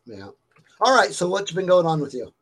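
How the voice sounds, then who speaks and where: A man with a slightly raised pitch chats on his stream, rambling through his story with lots of ums and restarts. He sounds like he is still recovering from a fever. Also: very animated, moderate pace, fairly bright tone, low-quality recording. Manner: rambling, filler-heavy storytelling. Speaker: stream host. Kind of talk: casual chat.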